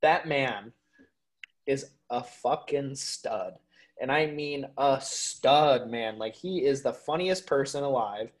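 A young man from Minnesota talks as a podcast guest, telling stories in an animated, rambling way. His voice sits at an ordinary middle pitch, and he leans on casual filler words and the odd swear. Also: slow pace. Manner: animated storyteller, swears freely, lots of "like" and "dude". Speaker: podcast guest, waterfowl hunter.

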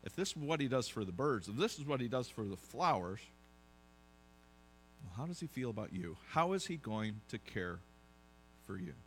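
A man's voice: medium pitch, big pitch swings, normal speed, pauses often, a little hiss or hum. A pastor preaching a conversational sermon to his congregation, asking them questions as he goes.

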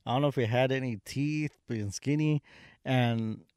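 A man's voice: medium pitch, normal speed, darkish tone. A man co-hosting a casual film review chat, rambling with lots of fillers and restarts. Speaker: podcast co-host reviewing a horror film.

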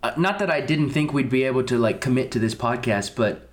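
A young man co-hosting a casual podcast, joking quickly and giggling as he teases his friends. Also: medium pitch. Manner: teasing, quick jokes, giggly. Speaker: podcast co-host.

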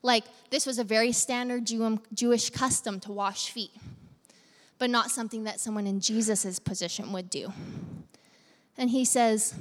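A woman's voice: a little high, fairly even intonation, normal speed, in a large hall. A woman pastor preaching a sermon in a conversational manner, talking straight to the congregation with questions.

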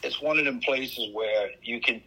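A middle-aged man from Louisiana with a Louisiana accent, co-hosting a podcast and telling stories in a folksy, animated way. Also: medium pitch, slightly rough, rough recording. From Louisiana, USA. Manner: animated, folksy storyteller with drawn-out emphasis. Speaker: podcast co-host. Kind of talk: casual chat, storytelling.

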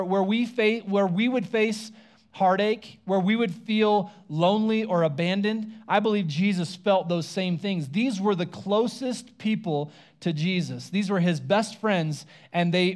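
A man preaching a sermon in a casual, conversational way, retelling scripture and acting out the characters' lines. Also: high voice. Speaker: pastor.

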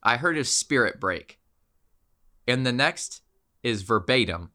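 A man's voice: medium pitch, takes it slowly. A man hosting a podcast, telling a funny story and acting out the voices in it. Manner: animated, acts out every voice in the story. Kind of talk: comic storytelling.

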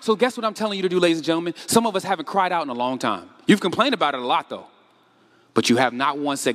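A man preaching a sermon with animated rhetorical questions, casual slang, and a conversational pull on the congregation. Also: on the high side, quick pace, long reverb tail.

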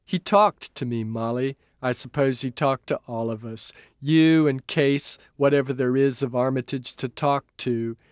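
A man's voice: mid-range voice, steady tone, unhurried, hardly any pauses, smooth, no room sound, clean studio sound, close to an everyday voice. A man voicing a smug, perverse young male illusionist who talks in a gloating, theatrical way.

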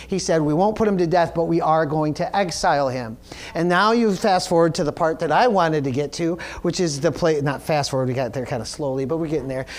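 Rambling male pastor preaching. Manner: rambling retelling with many fillers and restarts; rises louder and higher when preaching the point. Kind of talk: sermon.

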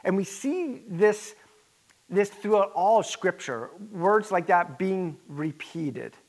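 A pastor preaching a sermon in an earnest, emphatic way, with conversational asides. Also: male voice, high voice, animated, slow.

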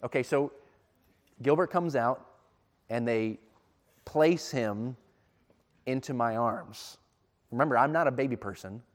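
A man telling a personal story in a sermon, animated and emphatic, his intensity rising as he speaks. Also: medium pitch, measured pace, pauses often. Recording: long reverb of a hall.

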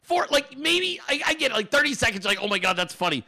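A middle-aged man hosting his own podcast, telling a story in a loose, profane way and then ranting, with mimicked voices thrown in. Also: very fast. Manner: animated, profane, mimics others in high voices. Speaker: podcast host. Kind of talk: casual storytelling and political rant.

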